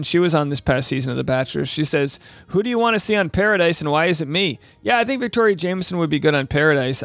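A man's voice: fairly high pitch, vocal fry, a bit bright, dry recording. A man hosting a casual podcast, chatty and joking with many fillers. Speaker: podcast host. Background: faint Celtic music.

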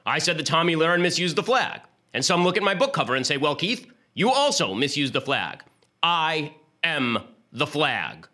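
A man's voice: on the high side, sing-song, moderate pace, sharp tone. A man putting on a comic impression of a pompous, self-important male TV pundit, declaiming grandly and melodramatically. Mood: grandiose.

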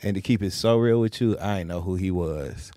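A man co-hosting a podcast in casual chat, animated and laughing as he retells jokes. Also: sits low, a little fast, dry recording, clean studio sound. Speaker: podcast co-host.

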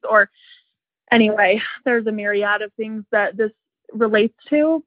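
A woman's voice: fairly high pitch, no room sound. A woman from Utah leaving a casual voicemail, venting with sarcastic asides. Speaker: voicemail caller. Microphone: phone voicemail. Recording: tinny phone line.

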